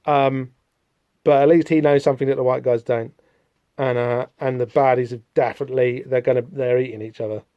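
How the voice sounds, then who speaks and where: A man's voice: mid-range voice, fairly even intonation, fairly quick, dry recording, lo-fi sound. A man hosting a casual solo podcast, rambling through a comic book with self-deprecating, apologetic asides. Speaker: podcast host.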